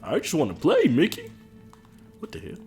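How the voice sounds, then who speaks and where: Animated young man streaming a game. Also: on the low side, moderate pace, faint music behind. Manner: animated, slangy, talks to chat. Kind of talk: casual live-stream commentary. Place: indoors at home. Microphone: headphones on, streaming setup.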